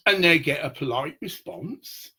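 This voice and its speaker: A man's voice: a little high, sing-song, takes it slowly, bright, forceful tone, husky. A man, talking in a rambling, profane monologue to the camera. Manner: rambling, profane, acts out little scenes.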